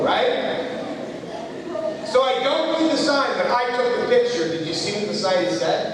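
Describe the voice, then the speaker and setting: A man's voice: sits high, expressive, normal speed, crowd noise. A middle-aged man giving a motivational talk to students at a school assembly, telling a story and acting out the voices in it. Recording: echoey hall, far from the mic.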